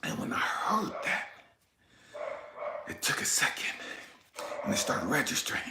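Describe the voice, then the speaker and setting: A man giving an impassioned personal testimony, swinging between hushed whispers and shouted pleas, raw and tearful, swearing freely. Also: unhurried, reverberant, heavy background noise. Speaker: spiritual vlogger.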